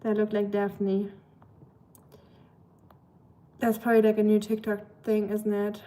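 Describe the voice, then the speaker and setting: Warm but monotone, this mid-pitched woman from Germany speaks unhurriedly on a casual live stream. She chats away, reads viewer comments aloud, and fills her talk with frequent "like"s.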